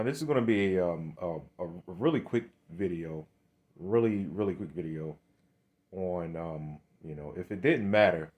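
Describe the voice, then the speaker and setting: A man giving a preaching monologue, heated and emphatic, with many restarts. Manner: starts low and hesitant, grows heated and emphatic. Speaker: religious video speaker.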